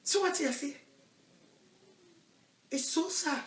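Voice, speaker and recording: A Ghanaian woman evangelist with a Ghanaian accent preaches in a self-recorded monologue, emphatic and swinging from loud declarations to low asides. She speaks slowly, and the sound is roomy, far from the mic.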